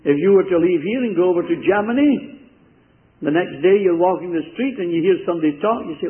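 High-voiced Scottish preacher, tinny recording. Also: male voice, lively intonation, fast talker. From Scotland, near Hamilton. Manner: earnest, conversational storytelling with direct address to listeners. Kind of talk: sermon.

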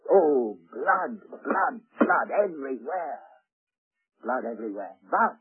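A man preaching a sermon slowly and fervently, his voice swelling and dropping with emotion, with hesitant fillers between phrases. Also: fairly high pitch, husky. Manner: slow, deliberate delivery with hesitant fillers. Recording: tinny lo-fi radio broadcast recording.

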